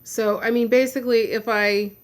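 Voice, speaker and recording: Frustrated woman vlogger, blunt and venting, slightly high voice. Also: steady tone, normal speed. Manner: blunt, swears. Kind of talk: personal video update.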